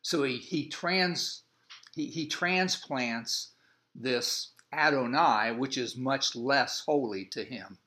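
A man's voice: mid-range voice, takes it slowly, bright, forceful tone. A man teaching a class on scripture, with many fillers and repeated words as he explains. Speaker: bible teacher.

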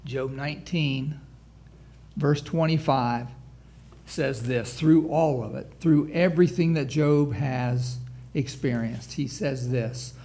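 A man's voice: medium pitch, takes it slowly, vocal fry, mellow. A man pastor preaching a sermon, reading scripture aloud with rising emphasis and frequent restarts.

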